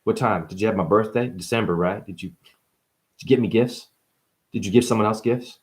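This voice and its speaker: A fussy, demanding Jesus, as a man puts him on fires off one nagging question after another. The voice sits a little lower and quieter than the man's usual talk. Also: moderate pace, natural voice. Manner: low, quizzing, nagging.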